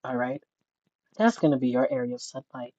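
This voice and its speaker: A streamer imitating a gentle, soft-spoken male TV painting teacher who gives slow, coaxing step-by-step instructions in a hushed voice. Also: mid-range voice, fairly even intonation, muffled recording, noisy background, lightly acted. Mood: soothing.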